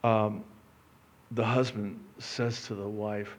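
A middle-aged man preaching a sermon, joking and poking fun at himself, swinging between loud emphatic lines and quiet asides. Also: mid-range voice, a little slow, long pauses. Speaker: pastor.

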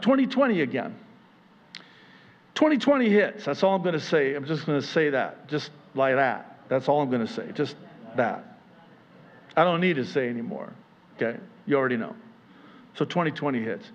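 Animated preaching man, lo-fi sound. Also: medium pitch, moderate pace, pauses often. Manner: animated, acts out voices, self-deprecating jokes. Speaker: pastor. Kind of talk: sermon.

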